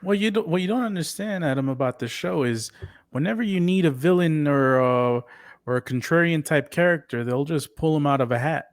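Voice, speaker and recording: A podcast co-host with a fairly high male voice chats casually in a review conversation, recorded dry. His delivery is halting, and he often repeats words while searching for his point.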